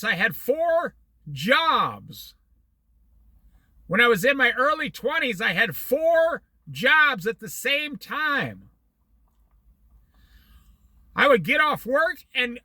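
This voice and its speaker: A man's voice: very high voice, sharp tone, no room sound. A middle-aged man in casual talk, rambling from story to story with religious asides. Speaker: vlogger.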